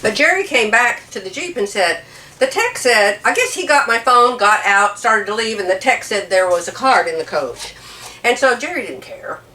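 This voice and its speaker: A woman's voice: a little high, animated, moderate pace, sharp tone. An older woman from the United States, teary from crying, telling a story to her viewers in a casual vlog, laughing between sentences. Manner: emotional, tearful, laughs while talking. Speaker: vlogger. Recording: echoey room, a bit far from the mic.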